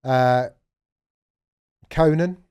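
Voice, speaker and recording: A man co-hosting a podcast in casual, sweary chat with quick restarts. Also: medium pitch, a little mellow, clear, resonant tone. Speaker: podcast co-host.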